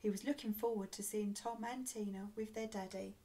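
A woman reading a children's storybook aloud, expressive and dropping to a soft hush on the speech tags, recorded on a computer webcam. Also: mid-range voice, a little fast. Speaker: storybook reader.

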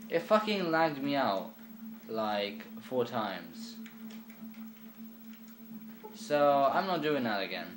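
A young man casually commenting on his gameplay, rambling and swearing in an offhand, quiet way. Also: medium pitch, big pitch swings, slow, pauses often, slight background noise. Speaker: gamer. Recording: echoey room with faint ambience.

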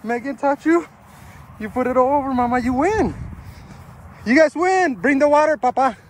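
Playful, breathless high-voiced dad. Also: male voice, expressive, moderate pace, a little hiss or hum. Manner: playful, laughing often, teasing the kids. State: out of breath from playing. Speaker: father filming his family. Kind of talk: casual family vlog commentary. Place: outdoors, playing soccer. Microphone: phone held while playing.

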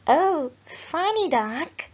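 A woman voicing a small, cheerful little girl in a sweet, gentle tone, reading a children's storybook. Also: high voice, sing-song, extremely slow, highs cut off, pitched above the performer's own voice, exaggerated voice.

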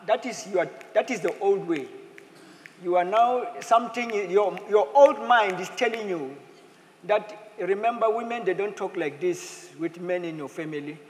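A man preaching a sermon as pastor, in a lively manner, slipping into playful acted quotes. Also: high voice, measured pace. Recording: echoey hall with faint ambience.

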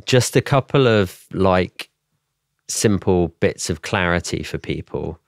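A man hosting a podcast interview, earnest and gently emotional. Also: low-pitched, lively intonation, takes it slowly, creaky, dry recording, clean studio sound. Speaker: podcast host.

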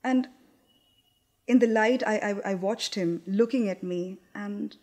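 Give me a young actress delivering a candid, wry monologue at a medium pitch. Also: female voice, a little slow, a little mellow. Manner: candid, confiding, wry, with hesitant restarts. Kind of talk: theatrical monologue.

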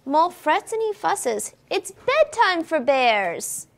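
With a very high-pitched voice and a slow pace, a children's librarian reads a picture book aloud at storytime. She's expressive and sing-song, and she asks the children questions.

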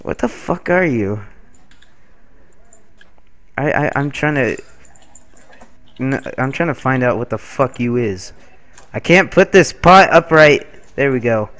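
A man's voice: medium pitch, a little slow, long pauses. A man playing a game with a friend, bursting into laughter and swearing, playing the father in a casual gaming chat. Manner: excitable, swearing, frequent laughter. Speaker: gamer playing a father character.

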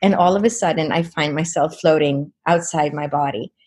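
A woman's voice: low-pitched, moderate pace, a little mellow. A woman guest in an interview, earnestly retelling a personal experience with many "you know"s. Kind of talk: personal storytelling.

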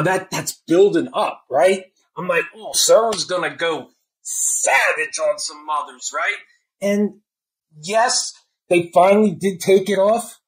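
Male book reviewer, high-pitched for a man, loose and excitable, slangy, swears, acts out his reactions. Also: poor audio. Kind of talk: casual spoiler-filled book review.

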